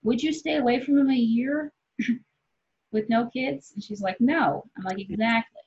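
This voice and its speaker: A woman in her forties, a comedian guest, chatting casually and candidly, rambling and swearing freely with quick laughs. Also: a little high, mellow, husky. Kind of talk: casual podcast chat. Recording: dull lo-fi sound.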